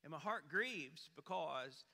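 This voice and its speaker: A man preaching from a church stage. He tells the story in a folksy way, and his voice swings high and loud for emphasis. His tone is very bright and forceful, and his voice rings out through a hall with a long reverb. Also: slow pace, vocal fry. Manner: folksy storyteller, animated swings in pitch and volume. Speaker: pastor. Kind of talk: sermon with a humorous story. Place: church sanctuary.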